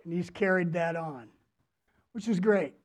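Slow, deliberate male pastor preaching. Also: high-pitched. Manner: slow, deliberate preaching with repeated phrases and questions to the congregation. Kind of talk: sermon. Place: church, before a congregation.

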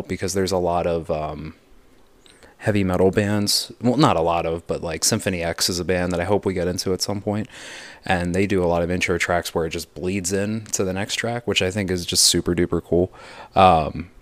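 A man's voice: low-pitched, no room sound. A young man co-hosting a casual podcast, rambling onto tangents and interrupting himself. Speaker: podcast co-host.

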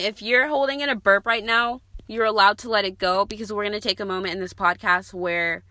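A woman's voice: mid-range voice, fairly even intonation, fairly quick, few pauses, pushed and bright, no room sound. Chatty, swearing young woman podcaster. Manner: chatty, profane, laughs often, trails off mid-sentence. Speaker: podcast host. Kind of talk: casual solo podcast rambling.

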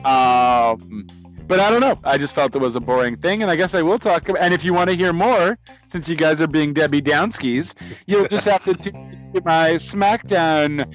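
A man's voice: a little high, normal speed, muffled recording, soft background music. A Canadian man co-hosting a podcast, chatting casually and laughing at himself. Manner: animated, laughing, self-mocking. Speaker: podcast co-host.

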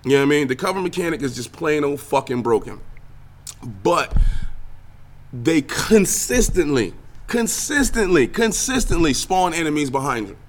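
A man's voice: on the high side, a little fast. A young man hosting his own podcast, ranting casually and profanely about video games and the news, with lots of fillers. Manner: profane, animated, trailing filler words. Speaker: podcast host and streamer. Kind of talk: casual solo podcast rant.

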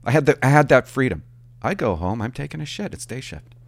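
A man, a former police officer telling stories in a casual, animated and profane way. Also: medium pitch, a little fast, creaky, dry recording. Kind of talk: casual storytelling to camera.

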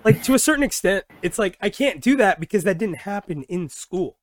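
A man co-hosting a podcast in casual chat, talking with lots of "like" and restarts, and loudly yelling when he does impressions. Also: sits high, a little fast, no echo. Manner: animated, swings into loud yelling impressions. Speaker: podcast co-host.

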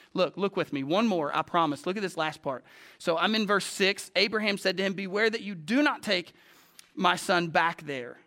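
Male pastor, storytelling sermon, high voice, bright tone, self-deprecating, in a church. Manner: self-deprecating, conversational, animated. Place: church sanctuary.

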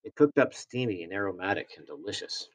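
A man reading a novel aloud in a steady, plain storytelling manner. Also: low-pitched, brisk. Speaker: reader.

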